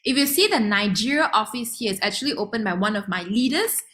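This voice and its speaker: A young woman with a Malaysian English accent and a slightly high voice presents an online sales demo. She is chatty and lively, and she acts out her customers' lines as she goes. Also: fast talker.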